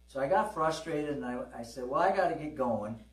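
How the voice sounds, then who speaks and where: A man's voice: medium pitch, animated, brisk. Man preaching in an echoey church. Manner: conversational, calls for amens, acts out dialogue. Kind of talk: sermon with storytelling. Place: church service. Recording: roomy, distant from the mic.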